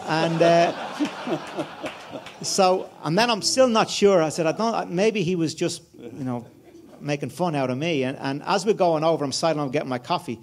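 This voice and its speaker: A man's voice: on the high side, normal speed. An Irish man in his fifties telling a story as a guest at a conference, chatty, with many fillers and restarts. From Ireland. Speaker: guest speaker. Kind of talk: anecdotal conference chat. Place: conference room before an audience.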